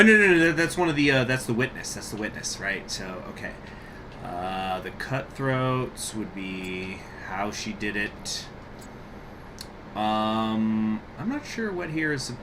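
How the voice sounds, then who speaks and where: A man's voice: lowish voice, noisy background. A man hosting a gaming channel, giving casual let's-play commentary and musing to himself with frequent hesitations.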